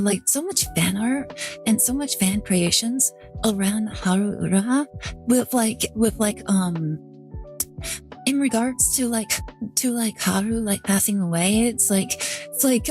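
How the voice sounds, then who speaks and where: A woman's voice: on the high side, lively intonation, a little slow, darkish tone, faint music behind. A woman streaming a game playthrough, chatting casually in a rambling way, full of fillers and restarts, and getting emotional when moved. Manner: rambling, heavy use of "like", many restarts. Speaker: VTuber streamer.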